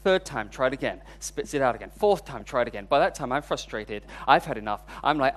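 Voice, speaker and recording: A man's voice: mid-range voice, expressive, a little fast, hardly any pauses. A man preaching a sermon, telling a personal story in a candid, self-deprecating way. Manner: storytelling, voice rising when recounting frustration.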